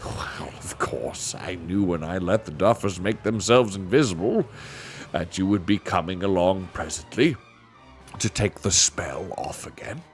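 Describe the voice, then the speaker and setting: A man's voice: low-pitched, lively intonation, measured pace, faint music behind. Coriakin: a man doing a mild old magician. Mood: genial. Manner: gentle, chuckling, rambling.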